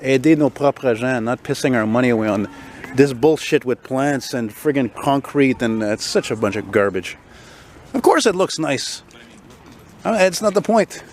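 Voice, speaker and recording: A man's voice: medium pitch, expressive, moderate pace, a little hiss or hum. A tired, unwell man, ranting and rambling as he walks a city street, recording on a handheld phone. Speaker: vlogger. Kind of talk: walking vlog rant.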